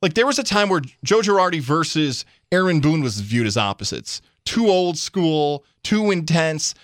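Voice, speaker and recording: A male sports talk co-host with a voice a little higher than most men's. He is expressive and opinionated, and he mimics imagined conversations as he argues. The studio sound is close and dry. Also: moderate pace, no echo.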